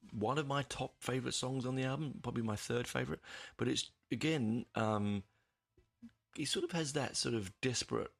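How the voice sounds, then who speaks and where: A man's voice: mid-range voice, gravelly. A man hosting a podcast, talking through an album in a rambling, hesitant way with lots of fillers and the odd casual swear word. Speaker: podcast host. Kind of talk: casual music review monologue.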